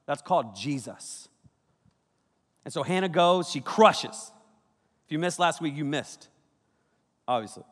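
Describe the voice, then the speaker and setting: Male youth pastor, talky and energetic, slightly raised pitch, reverberant auditorium sound. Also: a little slow, long pauses. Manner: energetic and conversational, with sudden loud bursts. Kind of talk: sermon. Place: large auditorium. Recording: reverberant hall.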